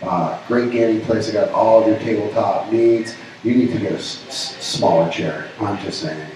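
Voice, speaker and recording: A man's voice: lowish voice, moderate pace, darkish tone, slight background noise. A man co-hosting a live stream from a pub, chatting casually and joking in rambling asides. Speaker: podcast co-host. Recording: echoey room, far from the mic.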